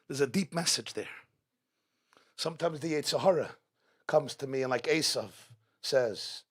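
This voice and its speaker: Speaking live before an audience in an event hall, a man with a husky, medium-pitched voice gives a dramatic inspirational talk as guest speaker at a religious gathering. He keeps a moderate pace and fills his speech with repeated rhetorical questions.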